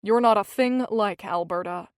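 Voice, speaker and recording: A woman voicing an earnest, quiet young male dentist who speaks sincerely and gently in an audiobook. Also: mid-range voice, moderate pace, dry recording, clean studio sound, lightly acted.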